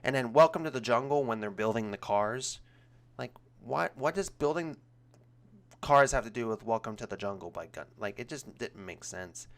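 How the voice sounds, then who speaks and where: A young man giving a casual, rambling movie review, full of ums and restarts, getting more animated when he criticizes. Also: on the low side, a little fast, hardly any pauses.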